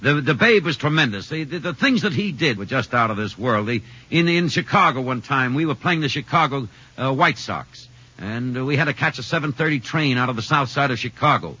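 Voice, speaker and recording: A man's voice: medium pitch, expressive, brisk, sharp tone, husky. A middle-aged man, a former ballplayer turned sportscaster, telling old stories in a folksy way with many fillers. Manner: folksy storyteller, many uh fillers, acts out quoted voices. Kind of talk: reminiscing interview anecdote. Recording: dull lo-fi old radio recording.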